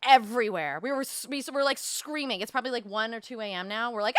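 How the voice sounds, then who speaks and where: Young woman rattling off a story, lots of "like", swears a bunch, crisp clear voice. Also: on the high side, no echo, raised voice. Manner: fast, animated, full of "like" and swearing. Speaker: podcast co-host telling a story. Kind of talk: casual storytelling chat. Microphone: close desk mic.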